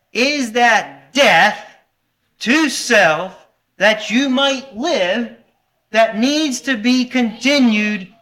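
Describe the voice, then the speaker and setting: This man's voice sits high and sounds pushed and bright. He is a pastor delivering a sermon, earnestly questioning the congregation and now and then pausing to fix what he said.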